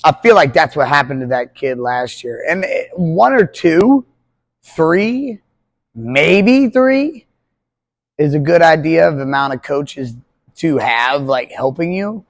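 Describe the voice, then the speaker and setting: A man's voice: a little high, expressive, takes it slowly, no echo. A man in his twenties, a pole vault coach, talking casually and rambling on a podcast. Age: 20s. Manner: rambling, conversational, jokey.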